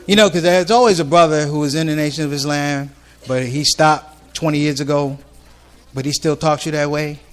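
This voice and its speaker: A man's voice: on the high side, a little fast. A man telling stand-up stories to a live ballroom audience in a casual, conversational way, jumping in and out of voices. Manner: conversational, animated, jumps between voices. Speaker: stand-up comedian.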